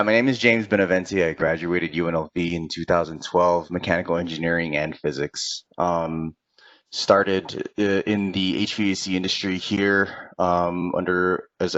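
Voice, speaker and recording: Man, very deep voice, hesitant, lots of fillers, muffled video call. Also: level tone, moderate pace, fairly bright tone. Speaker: engineer. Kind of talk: casual self-introduction.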